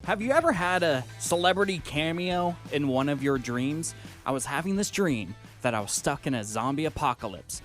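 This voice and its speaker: A man's voice: on the high side, lively intonation, moderate pace, fairly bright tone, faint music behind. A man co-hosting a morning radio show, chatting casually and telling jokey stories. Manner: jokey, playful storyteller. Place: radio studio.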